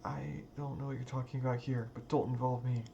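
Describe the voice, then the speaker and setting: A man's voice: mid-range voice, little pitch movement, brisk, vocal fry, dark tone, dull audio, slight background noise, natural voice. A man voicing a frightened teenage girl who stammers defensively. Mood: flustered. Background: background game music.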